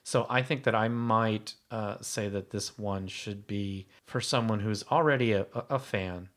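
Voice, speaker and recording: A man with a lowish voice chatting on a podcast. He thinks aloud, pausing with fillers as he weighs his view. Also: a bit bright. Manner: thoughtful, hesitant with fillers. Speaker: podcast co-host. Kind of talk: casual chat.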